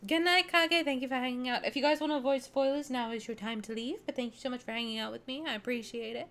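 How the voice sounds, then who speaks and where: A woman streaming a game, reacting and reading aloud in a playful, sarcastic way, swearing and bursting into shouts. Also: high voice, fairly even intonation, fast.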